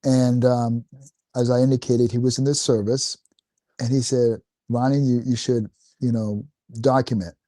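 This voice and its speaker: A man who is an author and guest on a talk radio show, speaking deliberately and reading passages aloud. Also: medium pitch, flat delivery, mellow, no echo. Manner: slow, deliberate, reads scripture aloud.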